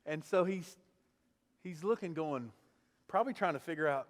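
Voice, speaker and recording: A man preaching a sermon as a pastor, retelling a story with lively storytelling and acting out the characters. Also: on the high side, moderate pace, big-room sound. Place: church sanctuary.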